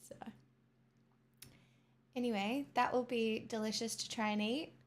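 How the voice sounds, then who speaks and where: A woman's voice: on the high side, steady tone, measured pace. An Australian woman vlogging in a casual, chatty way, swearing freely and breaking into mock-dramatic outbursts. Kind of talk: casual chat to camera.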